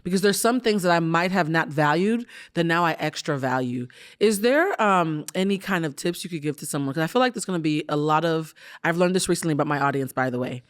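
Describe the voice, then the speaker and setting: A woman hosting a podcast, telling stories in a lively, casual way with quick asides. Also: low-pitched. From United States. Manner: fast, animated storytelling with quick asides. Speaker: podcast host. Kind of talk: casual storytelling chat.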